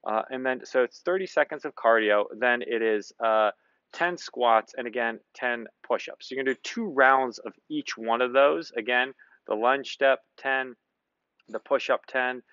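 A man's voice: medium pitch, unhurried, fairly bright tone, clean tone, no echo. A man coaching a workout, talking loosely with lots of ums and uhs. His mid-range voice is close and dry, with no room sound. The recording is a little dull and muffled. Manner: loose and conversational, lots of fillers. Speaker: fitness coach. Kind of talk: casual coaching commentary over a workout.

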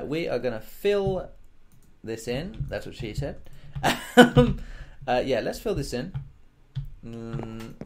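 A man casually narrating his own gameplay, joking and rambling to himself as he builds. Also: medium pitch. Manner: joking, rambling, talks to himself, makes silly sound effects. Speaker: let's play gamer.

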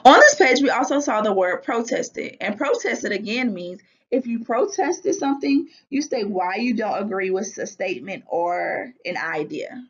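A woman's voice: mid-range voice, expressive, moderate pace, hardly any pauses, fairly bright tone. A woman teacher giving a recorded reading lesson, patiently asking guiding questions. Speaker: third grade teacher. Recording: dull lo-fi recording.

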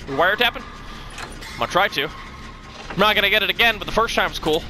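A man giving live gameplay commentary who swears a lot and swings from low mumbles to loud shouts. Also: animated, normal speed, long pauses, slight background noise. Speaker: gaming streamer.

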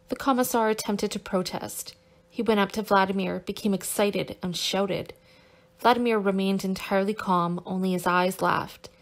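A woman narrating a novel in a steady, careful reading voice, now and then correcting a stumbled word. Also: mid-range voice. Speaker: audiobook narrator.

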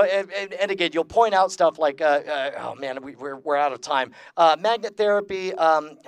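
Energetic joking man lecturing a crowd. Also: high-pitched, normal speed, no echo. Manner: joking and energetic, polls the crowd and laughs at his own lines. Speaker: lecturer at a skeptics convention panel. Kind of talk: comedic skeptic lecture to a live audience. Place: large convention room with about two hundred people.

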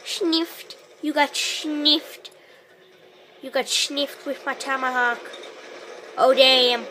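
A woman talks over her own gameplay with a high, bright, sharp voice, speaking slowly between sudden loud outbursts. A faint hiss sits under her voice, recorded on a phone. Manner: excitable, bursts into loud exclamations. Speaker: gameplay commentator. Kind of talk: live gameplay commentary.

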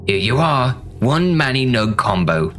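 A man's voice: medium pitch, big pitch swings, unhurried, a bit bright, slight background noise, pitched above the performer's own voice. A man voicing a sinister, overly polite restaurant host in a put-on British accent. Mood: creepily polite.

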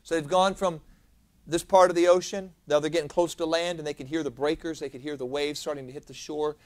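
A man preaching a sermon as pastor, moving from quiet, low lines to loud, emphatic peaks. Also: steady tone, fairly quick. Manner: dynamic preacher, swinging from soft lows to loud emphatic peaks. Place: church sanctuary.

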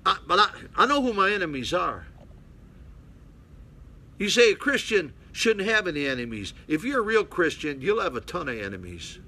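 A man's voice: high-pitched, big pitch swings, moderate pace, bright, forceful tone, breathy edge. An older man, a pastor, preaching bluntly to a small mission congregation and calling out to his listeners. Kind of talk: folksy preaching Bible study.

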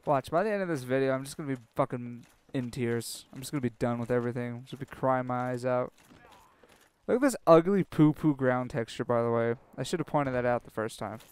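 A young man commentating his own gameplay, sarcastic and self-mocking, swearing freely and panicking out loud when things go wrong. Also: medium pitch, brisk, smooth. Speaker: let's play commentator.

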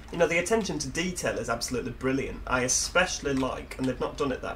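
A man with a Yorkshire accent talks his way through a driving game in a loose, jokey style, mid-pitched and full of self-mocking asides. A faint hiss of background noise runs under his voice. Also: fairly bright tone. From Yorkshire, England. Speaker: gaming video host. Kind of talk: casual gameplay commentary.

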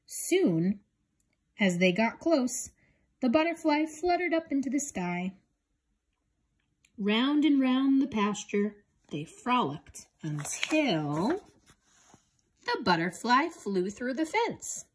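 Woman, storybook reading aloud, gentle, expressive, breathy, unhurried. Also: on the high side. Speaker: storybook reader. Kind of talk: reading a picture book aloud.

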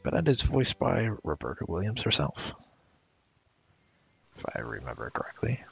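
A man's voice: fairly low pitch, sing-song, moderate pace, vocal fry, breathy edge. A man giving casual commentary over an adventure game, jokingly paraphrasing the characters' dialogue. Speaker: let's play commentator. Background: game music.

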